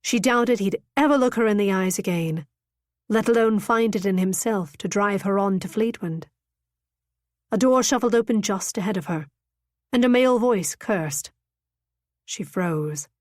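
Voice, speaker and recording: A woman narrates a romance audiobook with an expressive, dramatic reading style. Her voice sits at a middle pitch. The sound is dry and close to the mic. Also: unhurried, no echo. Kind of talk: scripted narration.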